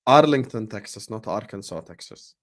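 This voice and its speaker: A man's voice: lowish voice, lively intonation, normal speed, fairly bright tone. Teasing man in casual football chat. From Jordan. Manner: teasing, laughs often, swears casually. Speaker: podcast host.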